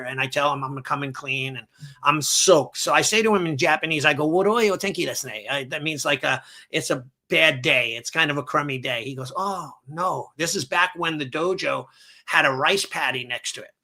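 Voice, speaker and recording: A middle-aged man, a martial arts instructor, telling a long anecdote in a casual, animated way on a podcast. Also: a little high. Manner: animated storyteller who acts out quoted voices. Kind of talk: casual storytelling. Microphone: seen on video, holds up books to camera.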